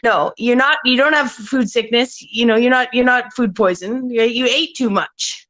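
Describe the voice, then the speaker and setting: A woman's voice: fairly high pitch, normal speed, a bit bright, lightly acted. A woman voicing a blunt, matter-of-fact older man who runs a buffet.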